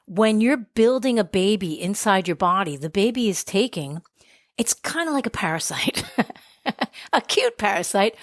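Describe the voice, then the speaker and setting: A woman's voice: mid-range voice, no echo. Plainspoken woman nutrition expert, dry sound. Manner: frank, plainspoken, explaining. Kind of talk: explanatory talk.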